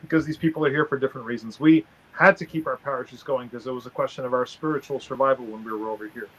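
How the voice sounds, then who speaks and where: A man's voice: medium pitch, steady tone, fast talker, husky, rough recording. A man speaking earnestly in a casual interview, often tagging his points with "right?". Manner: earnest, tags statements with "right?".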